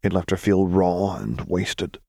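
A man reads a serialized story in a deep, low register and at an unhurried pace. The sound is dry and intimate, with no room echo. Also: expressive, creaky, mellow, slightly rough. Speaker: audiobook narrator. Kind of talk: audiobook reading of fan fiction.

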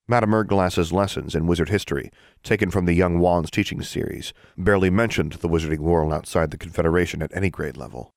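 Male audiobook narrator, lowish voice with a lively lilt, dry close recording. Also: quick pace, no echo. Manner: expressive storytelling. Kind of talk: scripted narration.

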